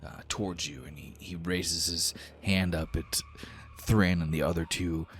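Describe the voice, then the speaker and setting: A man's voice: low voice, steady tone, measured pace, a bit bright, a little hiss or hum. A man narrating as game master of a tabletop game, casual with many fillers.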